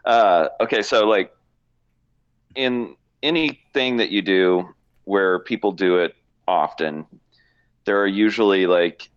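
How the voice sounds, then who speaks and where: Low, giggly man on a dull mic. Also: slow pace, pauses often. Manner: hesitant, giggly, full of fillers. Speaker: podcast co-host. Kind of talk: casual chat.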